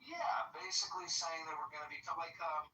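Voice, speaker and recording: A man's voice: a little high, animated, fairly quick, bright, forceful tone, distant mic. A man co-hosting casual political chat, putting in brief, dry questions. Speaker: co-host asking questions. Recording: echoey room, off mic, faint noise.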